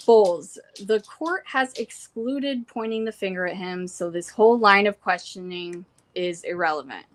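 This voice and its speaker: A young adult woman casually recapping courtroom notes from home, reading quotes and adding quick asides. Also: mid-range voice. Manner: reads court quotes then adds asides. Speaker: trial reporter. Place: home room with pets.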